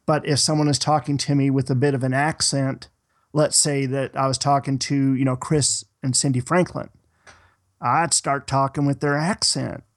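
A man's voice: medium pitch, level tone, moderate pace. A man from Minnesota and the Boston area, co-hosting a podcast in casual, rambling chat with frequent restarts. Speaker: podcast co-host.

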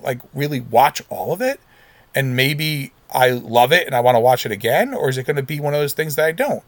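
There's no room sound on this solo podcast, where a middle-aged host with a slightly high, somewhat bright voice talks casually. He rambles, interrupts himself, restarts his sentences and at times gets emotional.

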